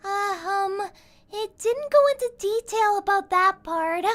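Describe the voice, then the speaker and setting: Alphys, squeaky nerdy lizard. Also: female voice, measured pace, fairly bright tone. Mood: nervous eager. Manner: stammering, awkward, repeats takes. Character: nerdy nervous female lizard scientist. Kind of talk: voice acting recording takes.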